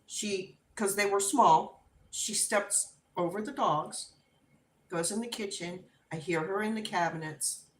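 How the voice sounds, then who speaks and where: A woman's voice: mid-range voice, measured pace, a little hiss or hum. A woman hosting a live stream, telling a story casually and with animation, laughing and acting out voices. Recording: roomy echo.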